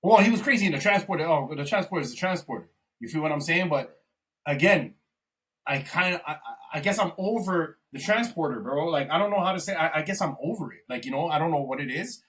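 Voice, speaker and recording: A young man co-hosting a podcast in casual, animated chat, swearing often and calling his friend "bro". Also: on the high side, quick pace, recorded from a distance. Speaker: podcast co-host.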